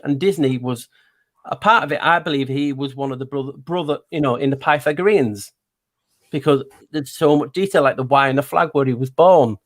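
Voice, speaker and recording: Man, mid pitch, guest, musing, repeats himself. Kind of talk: casual chat.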